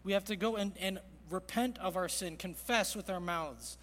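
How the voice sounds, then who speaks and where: A man preaching a sermon as pastor, earnest, moving from loud emphasis to hushed quiet. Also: high-pitched, normal speed. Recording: long reverb of a large hall.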